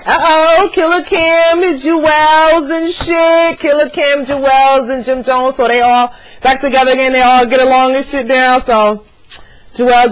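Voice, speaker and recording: A woman in her thirties vlogging from home into a webcam with a plugged-in microphone. She talks in a loose, gossipy way, blunt and full of swearing. Her voice sits at an ordinary middle pitch. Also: rough recording. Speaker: vlogger reviewing an awards show. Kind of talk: casual talk to camera.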